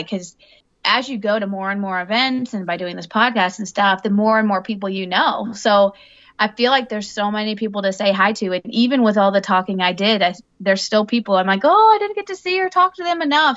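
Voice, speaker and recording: A woman co-hosting a podcast, chatting casually and acting out her own reactions in a lively way. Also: medium pitch, lo-fi sound. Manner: lively, acts out her own past thoughts in raised voice. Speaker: podcast co-host. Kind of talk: casual chat.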